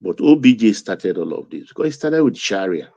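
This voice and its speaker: A man's voice: fairly low pitch, very animated, brisk, a little mellow, no room sound, lo-fi sound. A man with a Nigerian accent giving emphatic political commentary, pressing his points with rising intensity. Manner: emphatic, building to raised intensity.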